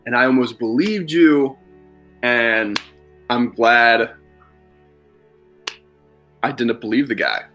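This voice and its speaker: Candid, bright-voiced man telling stories. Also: mid-range voice, takes it slowly, pauses often, faint music behind. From Philadelphia, USA. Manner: candid rambling storyteller, swears freely. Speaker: podcast guest. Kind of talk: casual chat.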